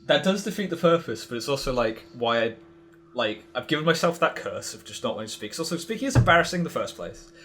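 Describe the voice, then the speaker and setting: Young male podcast guest, mid-pitched, rambling and self-conscious, with constant fillers. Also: lively intonation, fast, a bit bright, a little hiss or hum. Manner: hesitant, full of "like" and restarts. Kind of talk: casual conversational interview.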